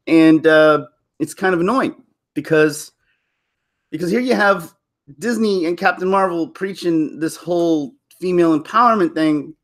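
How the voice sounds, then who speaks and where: A man's voice: on the high side, unhurried, a bit bright. A man hosting a casual live stream, rambling and joking with frequent laughs. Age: middle-aged. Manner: rambling, jokey, laughs often. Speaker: channel host.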